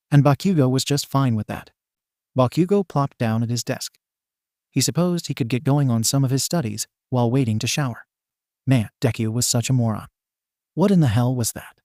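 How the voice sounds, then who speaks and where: A man giving a steady scripted narration of a fan fiction story. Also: mid-range voice, no room sound, studio quality.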